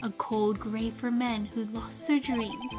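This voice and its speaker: A woman voicing a laid-back, brooding cowboy detective man with a slow, low drawl, over game music. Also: flat delivery.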